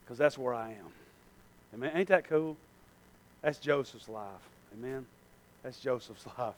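A man preaching a sermon, fervent and swinging between hushed and shouting. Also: mid-range voice, a little slow.

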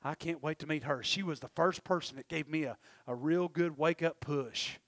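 A man preaching a sermon in church, emphatic, swinging from loud exclamations to quiet murmurs. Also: on the high side, normal speed. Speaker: pastor.

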